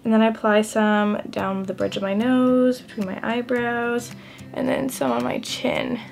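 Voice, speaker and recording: A young woman with a slightly raised voice, chatting casually as she walks through her makeup routine. She pokes fun at herself and scatters "like" all through her talk, with soft music playing faintly behind her. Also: on the high side, flat delivery, unhurried, gravelly. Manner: chatty, self-deprecating, heavy use of "like". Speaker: beauty vlogger. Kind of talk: casual makeup tutorial chat.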